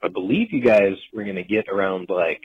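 A man's voice: sits low, a little fast, husky, narrow, tinny audio. A man on a casual podcast, teasing his friends and swearing.

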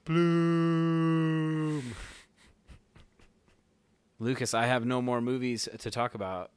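A young adult man co-hosting a movie podcast, casual and joking with quick teasing asides. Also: mid-range voice, fairly even intonation, clean tone, dry recording. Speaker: podcast co-host. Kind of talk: casual movie review chat.

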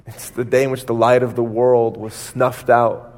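A male pastor preaching a sermon, retelling a story dramatically with pauses. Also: medium pitch, flat delivery, long reverb tail.

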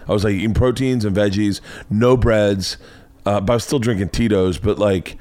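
A man with a low voice tells stories in a loose podcast chat. He gets animated and swears freely as he talks. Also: normal speed. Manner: animated storyteller, swears a lot. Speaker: podcast host. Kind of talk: casual chat.

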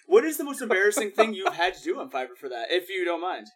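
A man hosting a casual podcast chat, excitable, with profane banter. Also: high-pitched, quick pace, breathy edge.

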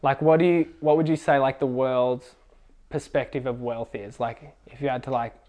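A young man telling a faith testimony at a casual youth gathering, excitable and full of fillers. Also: medium pitch, moderate pace. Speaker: youth group speaker.

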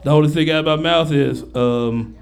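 A man from Memphis doing a crude, animated stand-up routine on a club stage. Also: a little high, moderate pace, creaky. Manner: loud, crude, animated storytelling. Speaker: stand-up comedian. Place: comedy club stage before a live audience. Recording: live club recording with noise.

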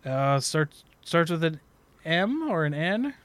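A man's voice: fairly high pitch, very animated, takes it slowly, a bit bright, dry recording. A man co-hosting a casual gaming chat, rambling and correcting himself, laughing often. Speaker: podcast co-host.

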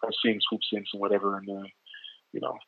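A man's voice: fairly low pitch, flat delivery, fast, vocal fry, husky, no room sound. A Canadian man with a Canadian accent, a rapper talking as a guest in a casual interview and rambling easily with lots of fillers. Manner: easygoing, rambling with many fillers. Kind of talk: casual interview over the phone. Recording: tinny dry phone line.

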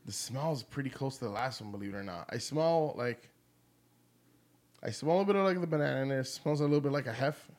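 A man's voice: medium pitch, fast talker, darkish tone. A man co-hosting a casual beer tasting chat, laid-back and teasing, swearing casually. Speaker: beer review podcast co-host.

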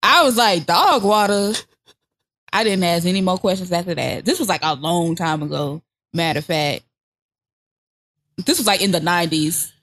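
A woman co-hosting a podcast, gossiping crudely with laughs, sighs and loud exclamations. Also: fairly low pitch, moderate pace, no room sound, clean studio sound. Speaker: podcast co-host. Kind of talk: casual chat.

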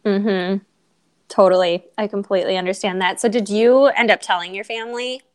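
Woman interviewer, conversational, affirming, mid-pitched voice. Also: steady tone, moderate pace, darkish tone, smooth.

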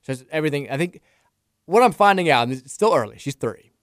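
Smooth-voiced man on sports radio. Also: on the high side, fast talker, no echo, clean studio sound. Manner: relaxed, self-deprecating storytelling about family. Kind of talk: casual sports radio banter. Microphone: studio microphone.

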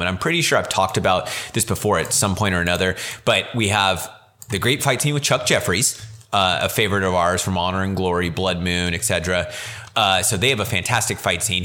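A man's voice: fairly low pitch, sharp tone. A man hosting a podcast, chatting casually and enthusiastically about old films, rambling and correcting himself as he goes. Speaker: podcast host. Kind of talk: casual film chat.

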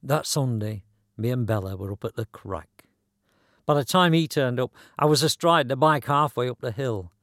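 A man's voice: medium pitch, normal speed, fairly bright tone, dry recording. A man narrating a story in a dry, wry, conversational way.

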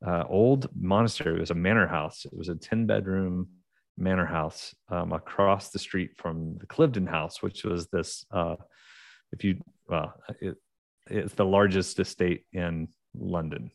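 A middle-aged man with an Oklahoma accent speaks as a podcast guest, his voice sitting on the low side. He rambles through his stories, restarting sentences and leaning on fillers. The sound is dry and close to the mic. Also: steady tone, unhurried, gravelly, dry recording. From United States. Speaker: podcast guest, leadership author. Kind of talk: casual interview storytelling.

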